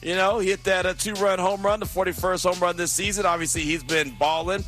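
A man with a bright, forceful voice hosts a sports radio show in a loose, joking way. He reads scores and stats in a sing-song lilt and teases himself and his partner. A little music sits faintly under him. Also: high-pitched, fairly even intonation, a little fast. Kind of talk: casual sports radio banter.

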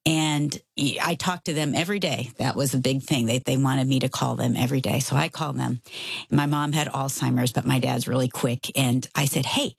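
A middle-aged woman telling a personal story in casual conversation, expressive and acting out the voices of the people in it. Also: a bass voice, fairly quick, vocal fry, slightly rough, no room sound.

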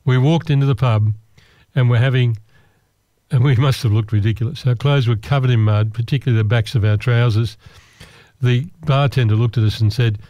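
Wry, mellow-voiced male storyteller. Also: medium pitch, fairly even intonation, a little fast, no room sound. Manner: self-deprecating, wry, rambling with restarts. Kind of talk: personal anecdote told to listeners.

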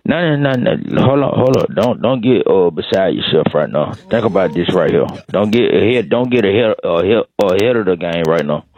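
A man's voice: low-pitched, lively intonation, fairly quick, hardly any pauses, darkish tone, dull audio. A man calling in to a radio morning show as a regular, rambling, repeating himself and stalling in heavy slang. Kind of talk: comedic phone call-in bit.

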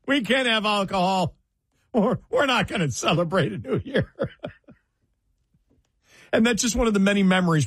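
A man's voice: mid-range voice, husky, no echo. An older male talk radio host in his sixties, speaking casually on air and stumbling through restarts and fillers as he reminisces. The studio sound is dry and close. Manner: halting, many fillers and restarts, laughs through stories. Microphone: studio microphone.

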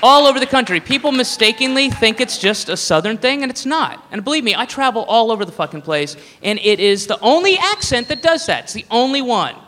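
Profane rambling stand-up comedian. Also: male voice, very high-pitched, big pitch swings, a little fast, few pauses, sharp tone. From American South. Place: live comedy venue. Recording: live hall reverb with faint noise.

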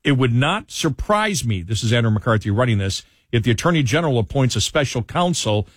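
A man's voice: medium pitch, sing-song, fairly quick, no echo. Radio host man, dry studio sound. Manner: rambling, restarts, reads a column aloud. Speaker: radio talk show host. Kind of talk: casual talk radio banter and commentary. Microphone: studio headphones and mic.

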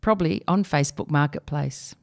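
A woman's voice: deep voice, fairly quick, a little mellow. A woman reading a humorous personal essay aloud in a wry, conversational way.

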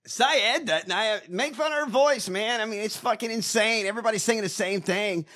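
A man co-hosting a casual political chat, profane and mocking, breaking into loud rants. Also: high voice, moderate pace. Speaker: podcast co-host.

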